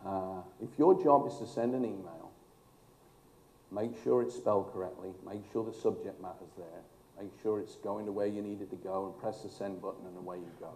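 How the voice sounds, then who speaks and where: A man's voice: low-pitched, steady tone, a little fast, darkish tone. A man, a former fire chief, telling emphatic stories with dry humor in a speech to an audience. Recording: echoey hall.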